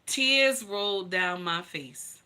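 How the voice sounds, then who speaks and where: Bright, forceful woman telling her story. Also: mid-range voice, animated, slow, smooth. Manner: emphatic, blunt and profane, calls listeners honey. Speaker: livestream host. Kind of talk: personal storytelling to viewers.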